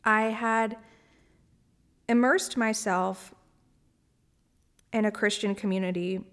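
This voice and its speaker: A woman's voice: medium pitch, steady tone, takes it slowly, fairly bright tone. A woman hosting a solo spiritual podcast, talking in a candid, rambling way with frequent laughs and casual swearing. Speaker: podcast host.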